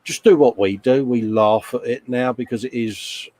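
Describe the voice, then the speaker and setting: A middle-aged man hosting a casual live stream chat, reading out viewer comments in a matey, gently scolding way. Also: mid-range voice, normal speed.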